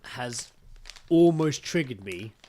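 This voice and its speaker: Excitable swearing man. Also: medium pitch, slow pace, slight background noise. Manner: excitable, heavy swearing, retells scenes with acted quotes. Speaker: podcast co-host. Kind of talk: casual chat.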